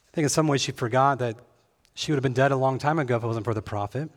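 A man preaching a sermon, expressive, moving between hushed reflection and fervent emphasis. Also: medium pitch, rapid-fire. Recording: long hall reverb.

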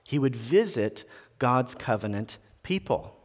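A man delivers a sermon in a relaxed, conversational style that builds into animated emphasis. His voice sits at a medium pitch, and a long reverb trails each phrase as if he speaks in a large church hall. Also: unhurried. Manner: conversational, animated preaching with rising emphasis and restarts. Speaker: preacher.

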